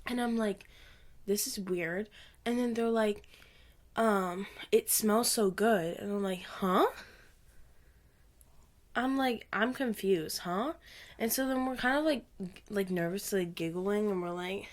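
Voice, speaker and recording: A young woman co-hosting a podcast, retelling a strange phone call in a giggly, casual way and acting out the quotes. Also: medium pitch. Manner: giggly, quick, acts out quoted lines. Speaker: podcast co-host. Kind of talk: casual storytelling chat.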